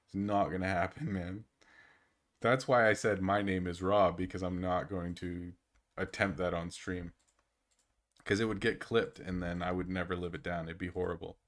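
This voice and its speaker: Low-voiced young man streaming, laughing a lot. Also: fairly even intonation, normal speed, long pauses, fairly bright tone. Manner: laughing, rambling, self-deprecating. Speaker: game streamer. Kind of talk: casual live-stream chat.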